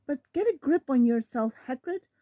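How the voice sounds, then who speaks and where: A woman voicing a stern older female witch professor, brisk and scolding, in a storybook reading. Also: high voice, expressive, warm tone, no room sound, dull audio, voice pushed up.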